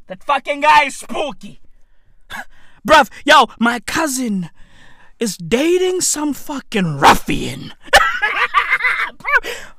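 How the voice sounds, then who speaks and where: A young South African man rants to camera in a high, bright voice that leaps all over the place. He talks slowly and deliberately, cursing and breaking into shouts. The sound is close and dry. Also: vocal fry, dry recording. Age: young adult. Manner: animated, profane, often shouting and laughing. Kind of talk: ranting comedic monologue.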